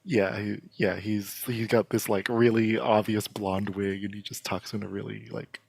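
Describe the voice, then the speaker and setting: A man's voice: fairly low pitch, little pitch movement, moderate pace, creaky, darkish tone, breathy edge, no room sound. A man hosting a casual podcast chat, talking with enthusiasm and lots of fillers and restarts. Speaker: podcast host.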